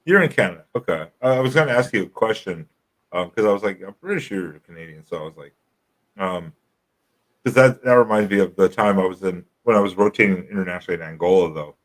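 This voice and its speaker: A man hosts a late-night livestream and chats loosely, with rambling, profane stories broken up by laughs. His voice sits very low in pitch. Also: quick pace, low-quality recording. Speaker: livestream host. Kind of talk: casual chat.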